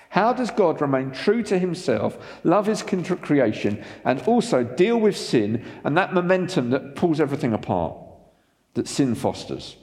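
A man preaching a sermon as pastor, animated and asking the congregation rhetorical questions. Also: fairly high pitch, moderate pace, long reverb tail.

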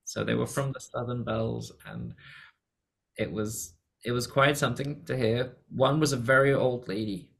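A player speaking in halting, stammering bursts while voicing a character in a tabletop role-play. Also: mid-range voice, steady tone, vocal fry.

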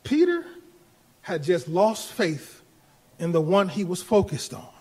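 A male pastor preaching a sermon, building from quiet talk to shouted appeals with laughter in between. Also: sits high, big pitch swings, unhurried, breathy edge. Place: church.

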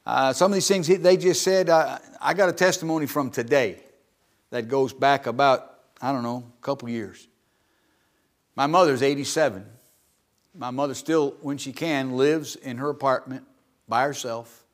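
A man's voice: medium pitch, moderate pace. A middle-aged man preaching in church, telling a personal testimony in a folksy way and calling for amens. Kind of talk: sermon testimony.

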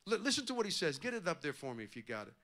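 A man's voice: a little high, very animated, racing, a bit bright. A male pastor preaching a sermon with impassioned, rising emphasis.

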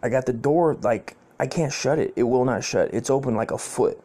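A man's voice: medium pitch, moderate pace, warm tone, husky. A man hosting a podcast and telling a personal story in a casual, profane, rambling way, repeating himself and laughing often. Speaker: podcast host.

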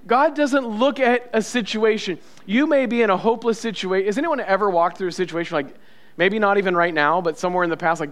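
A man's voice: high-pitched, moderate pace, fairly bright tone. A male pastor preaching a sermon, emphatic and repetitive, asking the congregation questions.

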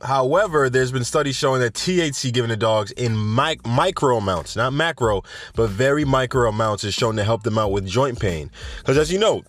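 A man's voice: mid-range voice, expressive, normal speed, fairly bright tone, faint music behind. Joking, rambling podcast host, a man. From Jamaica. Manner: joking, rambling, slangy asides. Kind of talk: casual news rundown podcast.

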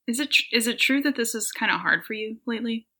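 A woman's voice: a little high, animated, fast talker, bright, forceful tone, rough recording. A woman chatting casually on a podcast with a mock-sincere, earnest manner. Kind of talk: casual comedic chat.

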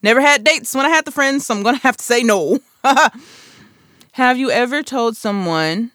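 A woman's voice: on the high side, lively intonation, moderate pace, fairly bright tone, no room sound, studio quality. A woman in her twenties hosting a solo podcast, chatting casually and playfully with self-mocking asides. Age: 20s. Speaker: podcast host.

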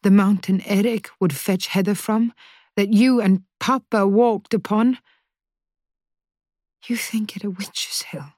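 A woman voicing a guarded young woman who speaks in hushed, clipped replies. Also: mid-range voice, fairly even intonation, a little slow, no room sound, studio quality, lightly acted. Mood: tense, hushed. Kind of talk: audiobook character voice.

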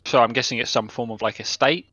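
A young man with a bright, forceful voice talks through his ideas as a tabletop player, pausing and restarting often. The sound is dry and a little dull, like a lo-fi recording. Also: medium pitch, no echo. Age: young adult. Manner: hesitant, many fillers and restarts. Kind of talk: casual tabletop chat.

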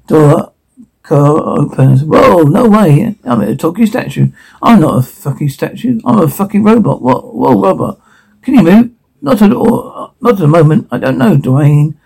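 A man with a gravelly, husky voice pitched a touch high, doing comedic voice acting for a whole cast of characters. He jumps quickly from one put-on voice to the next, and the humor is crude and full of swearing. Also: darkish tone, poor audio. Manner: rapid swings between put-on voices, crude and profane.

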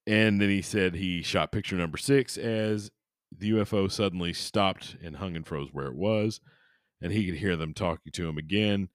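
A man's voice: deep voice, normal speed, no echo, studio quality. A man hosting a paranormal podcast, retelling a story with goofy, irreverent asides. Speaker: podcast host.

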